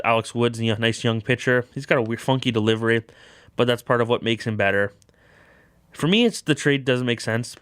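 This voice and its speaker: A man's voice: medium pitch, fairly bright tone, clean tone, no room sound, clean studio sound. A young man hosting a sports talk show, rambling through baseball news and correcting himself as he goes. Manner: rambling, self-correcting, lots of "of course". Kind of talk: casual sports talk monologue.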